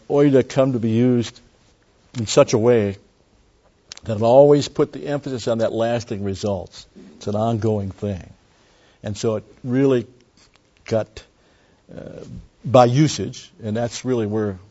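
A man's voice: on the low side, steady tone, a little slow, long pauses, dark tone. A man teaching a Bible study, explaining words closely and driving points home with emphatic repetition. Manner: emphatic, repeats key phrases. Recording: dull lo-fi recording.

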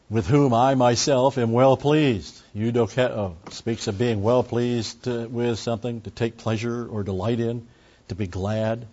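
Husky male preacher teaching scripture. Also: lowish voice, a little mellow, highs cut off. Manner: conversational, with frequent asides and restarts. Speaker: pastor. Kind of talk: expository sermon.

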